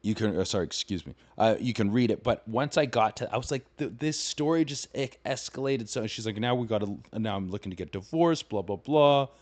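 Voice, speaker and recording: Low-voiced man ranting through a story. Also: lively intonation, a little fast, few pauses, a little mellow. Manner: incredulous, profane, rambling. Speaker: comedian podcast host. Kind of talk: casual storytelling rant.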